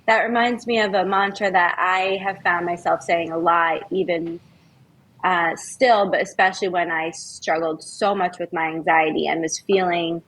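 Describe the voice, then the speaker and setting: A woman's voice: fairly low pitch, a bit bright, rough recording. A woman guest on a podcast, an herbalist, speaking earnestly and heartfelt about her experience, drawing out key words. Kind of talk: reflective conversational interview.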